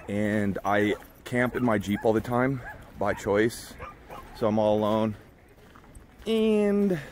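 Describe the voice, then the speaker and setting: A man vlogging at an outdoor dog park, talking in a rambling, confiding way with slang, with dogs and traffic behind him. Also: fairly low pitch. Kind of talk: casual vlog monologue.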